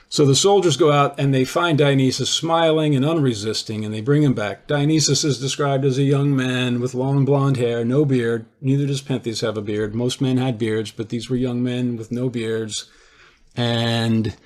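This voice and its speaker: A man giving an informal lecture. He retells a classic play in a conversational storytelling way, with frequent restarts. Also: mid-range voice. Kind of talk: informal lecture explaining a theory.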